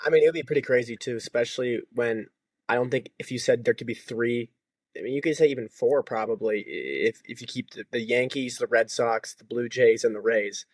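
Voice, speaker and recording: A man co-hosting a podcast, giving fast, steady opinions in casual chat. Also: medium pitch, breathy edge, no echo. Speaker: podcast co-host.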